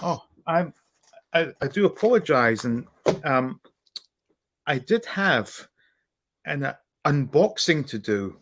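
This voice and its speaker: Halting, rambling male stream host. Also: on the high side, sing-song, fairly bright tone. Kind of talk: casual live-stream chat.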